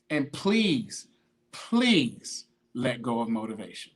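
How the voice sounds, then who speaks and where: This podcasting fitness motivator has a medium-pitched voice at normal speed and pauses often. His monologue about consistency is emphatic, slangy, and repetitive, preachy in tone, and he greets viewers by name midway.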